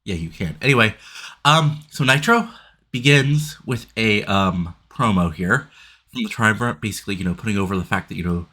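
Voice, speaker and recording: A man's voice: fairly low pitch, moderate pace, pushed and bright. A stuffed-up man casually talking through his wrestling booking game, rambling with lots of fillers and restarts. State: stuffed up, congested. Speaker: host playing a wrestling booking sim.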